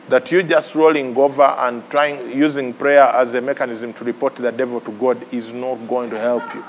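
A man preaching a sermon, animated, breaking into sudden high exclamations and laughs. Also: slight background noise. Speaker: pastor. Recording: long hall reverb with faint ambience.

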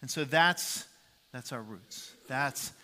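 Male pastor, sermon, emphatic and bright-toned, echoing hall. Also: mid-range voice, slow pace. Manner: emphatic, repeats key phrases, some restarts.

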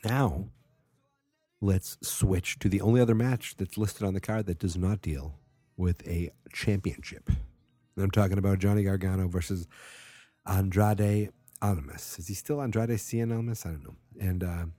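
A man with a low, mellow voice talks through a casual podcast, rambling and tired, dropping sarcastic, self-mocking asides. The sound is close and dry, with no room around it. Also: moderate pace, no room sound. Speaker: podcast host.

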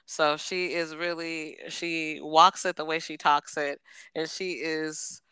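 A woman co-hosting a casual podcast chat, telling stories and giving warm shout-outs. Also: low-pitched, little pitch movement, slow pace, clear, resonant tone, no echo. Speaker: podcast co-host.

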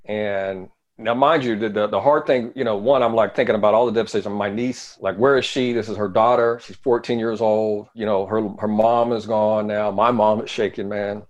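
A middle-aged man, a guest in an interview, telling a personal story in an earnest way that often sinks to a quiet low voice. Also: steady tone, normal speed, few pauses, highs cut off.

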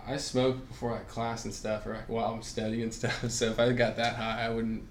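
A man's voice: mid-range voice, completely flat delivery, a little fast, roomy sound. A young man in casual chat, laid-back, laughing often and swearing casually. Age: young adult.

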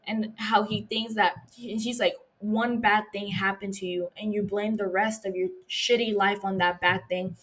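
A woman podcast host recapping a TV episode in casual chat, reacting with lively, profane outbursts. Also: medium pitch, moderate pace, hardly any pauses. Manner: animated, profane, gushing reactions.

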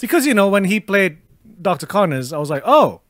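High, animated man, jokey film chat, dry close sound. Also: fast talker, dry recording. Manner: jokey, acts out quotes in silly voices. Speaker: movie chat co-host. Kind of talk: casual film discussion.

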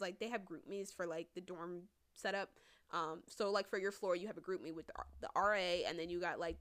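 A young woman hosting a podcast, telling a story in a casual, animated way with plenty of swearing. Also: lowish voice. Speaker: podcast host.

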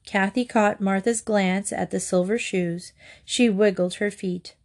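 A woman reading a children's book aloud in a steady, gentle storytelling manner. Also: mid-range voice, unhurried. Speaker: reader.

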